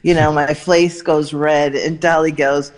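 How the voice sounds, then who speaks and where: A woman reporting entertainment news, telling lively, animated anecdotes and quoting people along the way. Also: low voice, unhurried. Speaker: entertainment correspondent. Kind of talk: news segment storytelling.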